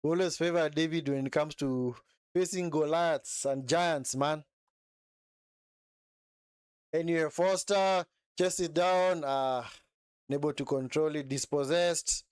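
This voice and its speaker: A man hosts a live football watch-along, mixing play-by-play with easygoing chat aimed at his viewers. His voice sits a little high and comes through smooth and resonant. The sound is dry and close, with no room echo. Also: a little slow. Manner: chatty, often ends phrases with "man", answers viewers in chat. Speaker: live stream host.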